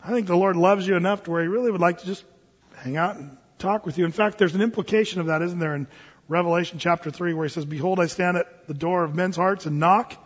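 A man in his forties preaching a sermon as a pastor, telling stories in an animated way and acting out the voices of the people in them. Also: sits high, fast, breathy edge, big-room sound, lo-fi sound. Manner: animated storytelling, acting out voices in quoted asides.

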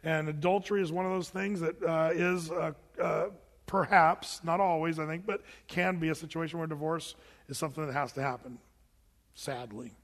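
A male pastor with a fairly high voice delivers a sermon in a casual, talky way. He often slips into imagined back-and-forth with his listeners. His voice carries a long, lingering hall reverb. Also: steady tone, normal speed. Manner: conversational, acting out imagined dialogues with listeners.

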